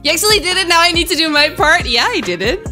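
Bubbly young woman streamer, bright and high, giggly live chat, faint music behind. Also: sing-song, quick pace. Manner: bubbly, giggly, chats with viewers.

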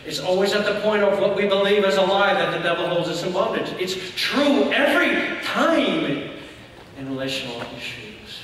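A man's voice: high voice, quick pace, few pauses, recorded from a distance, a little hiss or hum. Man preaching in an echoey church hall. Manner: storytelling preacher, acts out quoted shouts. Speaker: church elder. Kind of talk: sermon. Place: church sanctuary.

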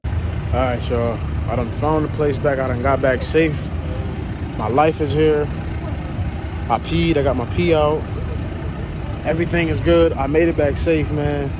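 Excitable young man vlogging over loud street traffic. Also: on the high side. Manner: profane, excitable street slang, talking to viewers. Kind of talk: casual vlog narration on the move. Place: outdoors on city streets, riding a scooter. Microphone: handheld phone while riding. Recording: outdoor phone recording with loud traffic noise. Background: city traffic and street noise.

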